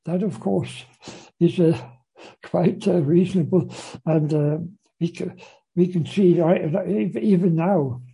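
A man's voice: sits high, a little slow, creaky, mellow, husky, rough recording. A man lecturing on a novel, hesitating with frequent fillers and restarts as he reads passages aloud. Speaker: literature lecturer.

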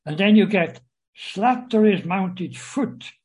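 A man giving a literature lecture, reading quoted lines aloud and explaining them, hesitant with many pauses and fillers. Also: on the high side, expressive, a little mellow, rough recording. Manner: slow, hesitant, many uhs, reads quoted lines with raised voice.

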